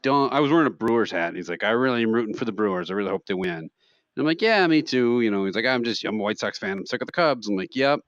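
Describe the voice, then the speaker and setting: A man in his thirties co-hosting a podcast, telling animated stories in casual comedic chat. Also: on the low side, very fast, no echo. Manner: animated storyteller, acts out quotes loudly. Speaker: podcast co-host. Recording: dry, slightly dull podcast audio.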